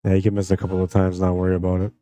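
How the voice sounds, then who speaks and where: This is a man doing live play-by-play for a pool tournament stream. His voice sits fairly low, with a warm, mellow tone. He talks in a friendly, unhurried way and greets viewers from the chat as the match goes on. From Canada. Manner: relaxed, friendly, reads out chat comments between shots.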